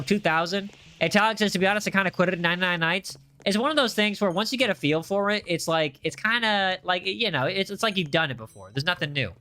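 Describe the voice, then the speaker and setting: Male livestream host reading chat; playful and teasing, sharp bright tone. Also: high-pitched. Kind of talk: live gameplay stream, reading chat aloud.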